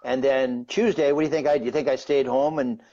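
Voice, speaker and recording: A man in his fifties from Canada tells his story as a guest on a live stream. He rambles in a conversational way, checking in with "you know" and "right?". His mid-pitched voice comes through dull, lo-fi audio. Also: steady tone, fast talker, mellow. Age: 50s.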